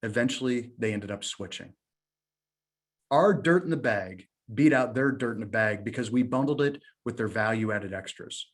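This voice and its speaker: A middle-aged man giving a sales presentation, telling a story with lively quoted dialogue. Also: mid-range voice, normal speed. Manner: animated storytelling, quotes others in his own voice. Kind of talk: conference talk with acted dialogue.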